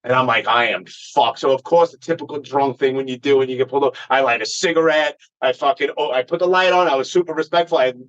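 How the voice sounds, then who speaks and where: A podcast guest with a mid-range voice talks fast with few pauses, swearing freely through a rambling story in casual conversation. The recording is dull and lo-fi.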